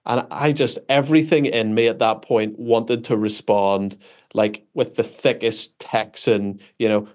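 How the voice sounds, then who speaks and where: A Northern Irish man, an author answering interview questions in an animated, self-deprecating storytelling way, often restarting his sentences. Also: medium pitch, normal speed. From Northern Ireland. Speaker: author and guest.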